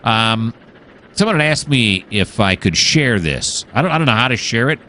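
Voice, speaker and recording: A man's voice: medium pitch, lively intonation, normal speed, sharp tone, slight background noise. A man hosting casual let's-play commentary, rambling and musing aloud with many fillers and restarts. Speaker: gaming channel host.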